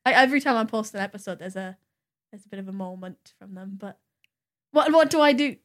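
A woman's voice: medium pitch, fairly quick. A woman in her twenties, a podcast guest, chatting casually and laughing often. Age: 20s. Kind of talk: casual chat.

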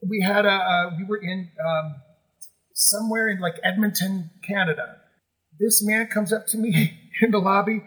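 Male stage actor guest, middle-aged; high, sharp-toned voice; animated emotional storyteller. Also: normal speed, poor audio. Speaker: guest, musical theater actor. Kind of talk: conversational storytelling.

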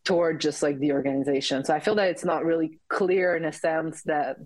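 A woman's voice: deep voice, fairly even intonation, brisk, a little mellow, dry recording. A young woman whose first language is French, a podcast guest talking casually and hesitantly, full of "like" and "um". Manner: hesitant, many fillers and restarts. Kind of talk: casual chat.

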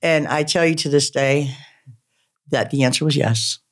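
A middle-aged woman, a podcast guest, telling a personal story in a rambling, animated way and acting out her own quotes. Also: sits low, moderate pace. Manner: rambling, animated retelling with frequent laughs and acted-out quotes.

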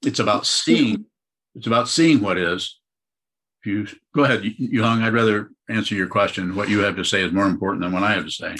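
A man teaching meditation and answering questions in a gentle, rambling dharma talk. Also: lowish voice, brisk, husky.

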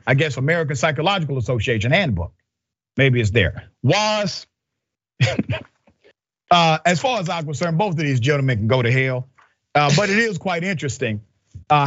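A male host delivers news commentary with a lively, swinging pitch that sits a little high for a man. He sounds emphatic and sarcastic, and his dry, slightly dull recording has no room sound. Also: fairly quick, dry recording. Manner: sarcastic, emphatic, repeats points with "okay?".

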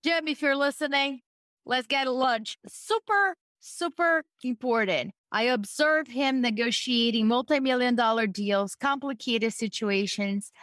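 Chatty higher-voiced woman host. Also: fairly bright tone, smooth, dry recording, clean studio sound. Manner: chatty, anecdotal, quick asides. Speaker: podcast host. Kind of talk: casual interview chat.

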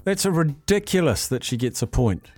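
A man hosting a radio show in casual chat, giving blunt, quick opinions from a studio. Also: on the high side, expressive, a little mellow, dry recording, faint music behind. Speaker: radio host.

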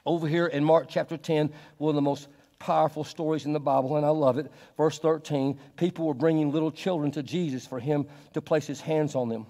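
A male pastor delivering a sermon, his delivery swinging from hushed to loud and emphatic. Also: fairly high pitch, fairly even intonation, brisk. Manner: dynamic preaching, swinging from soft to loud and emphatic. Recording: long reverb of a large hall.

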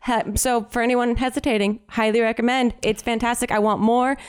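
A young woman with a smooth, clear voice, pitched a little high, chatting on a podcast. She gushes enthusiastically, drops casual slang and laughs often. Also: level tone, fairly quick. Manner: enthusiastic, says "dude" and "God", laughs often. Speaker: podcast co-host. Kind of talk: casual chat.

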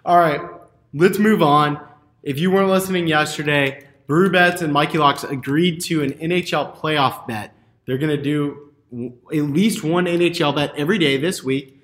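A man's voice: a little high, moderate pace, fairly bright tone, echoey room. A man hosting a betting podcast, moving the segments along with wry asides. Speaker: podcast host.

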